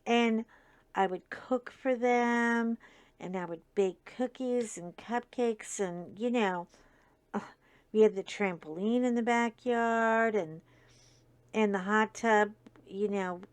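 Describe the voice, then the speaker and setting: A woman's voice: mid-range voice, takes it slowly, clean tone, no room sound. A middle-aged woman hosting a casual chat, telling a long story in a rambling way full of fillers and asides, sniffling from a stuffy nose. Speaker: host.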